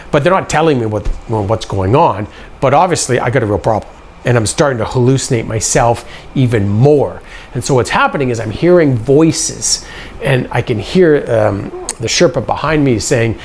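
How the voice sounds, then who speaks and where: A man with a gravelly voice telling a personal story casually, acting out the dialogue as he goes. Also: mid-range voice, slight background noise. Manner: animated, acts out quoted dialogue.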